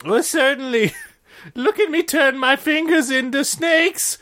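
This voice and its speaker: A man's voice: extremely high pitch, a little slow, pushed and bright, full character voice. A man voicing a crude, cocky eleven-year-old boy wizard in an improvised comedy bit.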